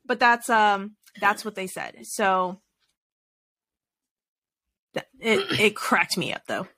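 Chatty bright-voiced woman podcaster. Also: mid-range voice, very slow, pauses often. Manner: chatty, laughing, rambling restarts. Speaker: podcast co-host. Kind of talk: casual sports chat.

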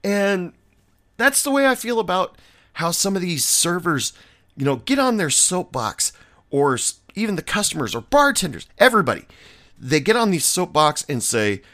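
A man's voice: fairly high pitch, very animated, normal speed, sharp tone, no echo, clean studio sound. A middle-aged man, a bartender, telling a story in a casual, sarcastic and blunt way.

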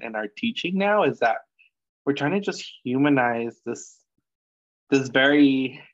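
Earnest man on a dull, lo-fi line. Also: mid-range voice. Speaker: podcast guest, professor. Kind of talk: casual conversation.

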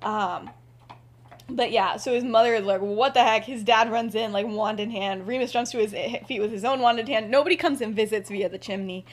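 A woman's voice: on the high side, a little fast. Giggly young woman retelling a story. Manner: chatty, giggly, lots of fillers. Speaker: podcast host. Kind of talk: casual storytelling.

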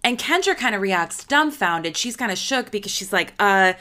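A woman's voice: medium pitch, expressive, normal speed, sharp tone. A woman in her thirties hosting a podcast, retelling a story in a chatty, gossipy, emphatic way. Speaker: podcast host. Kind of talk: casual storytelling monologue.

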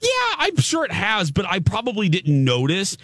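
Animated man telling a funny story. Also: sits high, moderate pace, dry recording. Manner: animated, quotes people and acts out his own panic. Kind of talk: casual storytelling chat.

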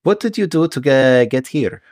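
Male GM playing a slow, stilted fish-man prisoner, mid-pitched, dry close sound. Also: expressive, a little mellow, dry recording, lightly acted. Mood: earnest. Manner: stilted formal speech without contractions, slow.

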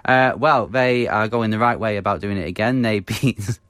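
A man from the UK co-hosting a casual football podcast, talking in a halting way with many fillers and stumbling over foreign names. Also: fairly low pitch, fairly even intonation, fairly bright tone, clean tone. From United Kingdom. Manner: halting, many fillers, laughs at own mispronunciations. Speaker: podcast co-host.

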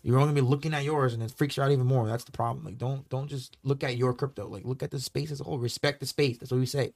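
A man's voice: medium pitch, fairly even intonation, racing, darkish tone. A man co-hosting a casual podcast, laid-back and teasing, sometimes dropping to a mutter. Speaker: podcast co-host. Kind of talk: casual crypto chat.

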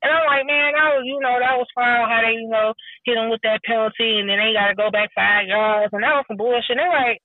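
Animated woman on a tinny phone line. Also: a little high, brisk, hardly any pauses, no room sound. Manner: animated storytelling, acting out quotes. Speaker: podcast guest. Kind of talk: casual chat.

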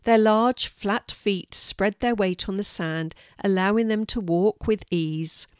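A woman's voice: mid-range voice, slow pace, smooth, dry recording, studio quality, natural voice. A woman voicing a kindly female guide in a children's story, patiently explaining things in a teacherly way. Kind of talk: storybook reading.

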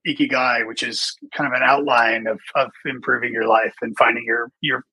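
A man who trains people in presenting, speaking as a podcast guest in a relaxed, explanatory way with many ums. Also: mid-range voice, normal speed, breathy edge, dry recording, low-quality recording. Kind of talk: casual podcast conversation.

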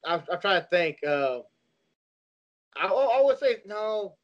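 A man's voice: high voice, very animated, takes it slowly, highs cut off. A man in casual podcast banter who talks hesitantly, with lots of "uh" and restarts, laughing along with his friends. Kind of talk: casual chat.

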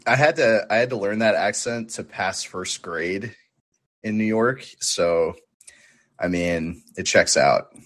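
A man co-hosting a casual sports podcast, deadpan and self-mocking. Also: fairly low pitch, slow pace. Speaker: podcast co-host.

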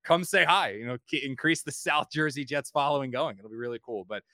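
Male podcast host, rapid rambling talker with a dry close sound. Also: mid-range voice, bright, forceful tone, no echo. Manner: rambling storyteller who repeats words. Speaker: podcast host and sports reporter. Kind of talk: casual podcast chat.

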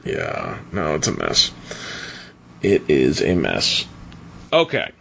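A man co-hosting a podcast in casual chat, animated and laughing often. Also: a bass voice, slow, gravelly, slight background noise. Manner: animated, laughs often, quotes others in mock voices. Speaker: podcast co-host.

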